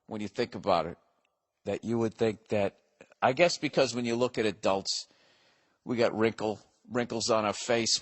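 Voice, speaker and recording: A man's voice: lowish voice, long reverb tail. A middle-aged man hosting a podcast alone, ranting casually with heavy profanity and sarcastic mock outbursts. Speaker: comedian podcast host. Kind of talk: casual solo monologue.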